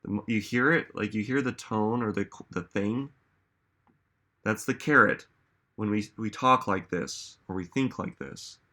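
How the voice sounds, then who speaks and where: Bright-toned man asking rhetorical questions. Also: fairly low pitch, measured pace. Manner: musing, asks many rhetorical questions. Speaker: self-help speaker. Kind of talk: reflective motivational talk.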